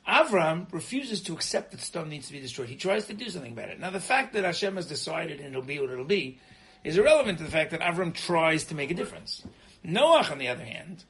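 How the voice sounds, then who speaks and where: Animated middle-aged rabbi teaching. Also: male voice, fairly high pitch, fast talker, low-quality recording. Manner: animated, frequently asks "right?"; repeats words when starting sentences. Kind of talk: informal Torah lesson.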